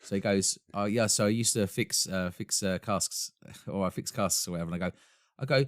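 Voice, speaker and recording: Speaking fairly quickly in a lowish voice, a podcast co-host from Essex, England, shares stories with enthusiasm and frequent laughter. The casual chat is recorded at studio quality with no echo.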